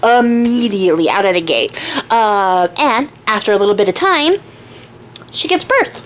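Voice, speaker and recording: A woman's voice: mid-range voice, animated, moderate pace, a little hiss or hum. A young woman casually retelling a fairy tale to her viewers, playful and chatty, laughing often. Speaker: storyteller and crafter. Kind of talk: casual storytelling.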